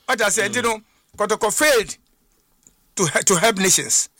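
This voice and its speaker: A man, a football coach, chatting casually on a talk show and telling stories with lively asides. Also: high voice, normal speed, a little hiss or hum. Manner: animated storytelling, repeats "What I say?". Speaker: football coach, studio guest.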